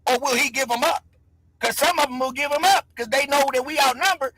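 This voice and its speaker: A man's voice: very high-pitched, brisk, sharp tone, a little hiss or hum, low-quality recording. A man hosting a casual livestream chat, talking loosely and hyping up his viewers. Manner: loose, conversational, hypes the chat. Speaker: livestream host.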